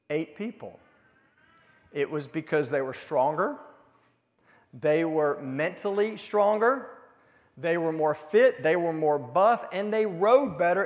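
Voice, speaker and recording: Man, pastor, conversational sermon, high voice, recurring cough, long echo of a church hall. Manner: conversational, repeats words when restarting, slows for emphasis. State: coughing now and then.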